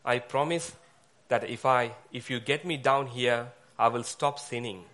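A man voicing a desperate stranded man who shouts and pleads for help. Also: mid-range voice, fairly even intonation, a little slow, lightly acted. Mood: pleading.

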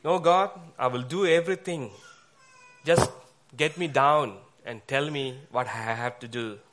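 A man voicing a desperate stranded man who shouts and pleads for help. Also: mid-range voice, a little slow, natural voice. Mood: pleading.

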